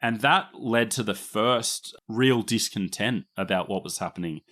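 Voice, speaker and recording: A man's voice: fairly low pitch, measured pace, a bit bright. A man with an Australian accent hosting a history podcast, explaining at length in a chatty way and laughing easily. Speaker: podcast host. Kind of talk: casual history podcast narration.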